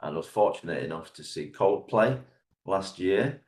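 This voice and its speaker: A man who teaches English exams, guesting on a podcast and explaining things in a measured, step-by-step way. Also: deep voice, animated, darkish tone, reverberant. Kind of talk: interview answers, explanatory.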